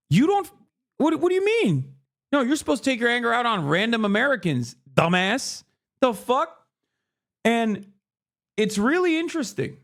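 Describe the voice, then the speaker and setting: A man live streaming, reacting to the news in an animated, profane, sarcastic rant with mocking impressions. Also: high-pitched. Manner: mocking impressions of other people.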